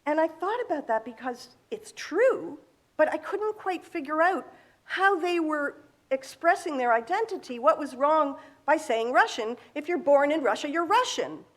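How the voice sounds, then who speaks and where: A woman's voice: high voice, animated, moderate pace, a bit bright. A middle-aged woman giving a sermon in an earnest, explaining way, asking rhetorical questions. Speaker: speaker at a congregation.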